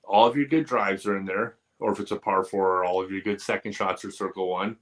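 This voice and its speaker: Lowish voiced guy chatting on his live stream, candid and earnest, jokes around a bit. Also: fairly even intonation, a little fast. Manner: candid, earnest advice-giving. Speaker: live-stream host answering viewer questions. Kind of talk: casual live-stream chat.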